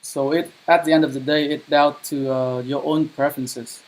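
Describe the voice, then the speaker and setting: A man's voice: a little high, fairly even intonation, moderate pace, poor audio. A man streaming a strategy game live, commenting as he plays, swearing often in frustrated outbursts, with non-native English grammar. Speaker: gaming streamer.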